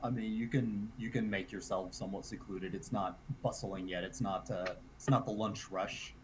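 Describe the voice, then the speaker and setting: A man running a tabletop game as game master, narrating in a relaxed way. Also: on the low side, normal speed. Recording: noisy background hiss.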